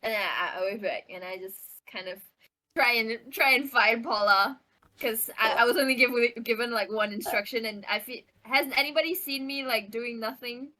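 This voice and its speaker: A woman playing a tabletop game, talking in a hesitant, halting way. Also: on the high side, pushed and bright. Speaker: player.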